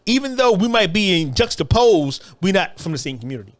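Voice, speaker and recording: A man's voice: high voice, very animated, brisk. A man giving a blunt, profane opinion rant, repeating himself for emphasis.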